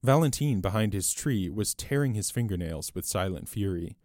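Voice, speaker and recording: A man narrating a story aloud in a measured, clear audiobook delivery. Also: fairly low pitch, darkish tone, dry recording, clean studio sound.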